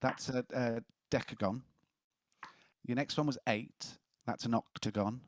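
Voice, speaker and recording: A man's voice: medium pitch, fairly even intonation, unhurried, dry recording, clean studio sound. A man hosting a casual quiz, reading questions and joking between answers. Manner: jokey, chuckling as he reads questions. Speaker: quiz host.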